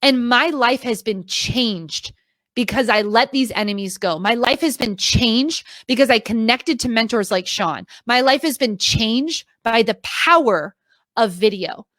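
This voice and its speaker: A woman's voice: a little high, animated, measured pace, a bit bright, dry recording, studio quality. A woman in her thirties giving a motivational talk to a live online audience as a video coach, earnest and emphatic, repeating her key phrases. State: emotional, near tears at times.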